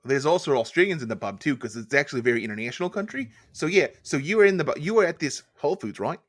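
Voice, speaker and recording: A man's voice: fairly high pitch, rapid-fire. A young man co-hosting a podcast in casual, jokey chat. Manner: jokey, animated, slips into put-on British voices. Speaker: podcast co-host.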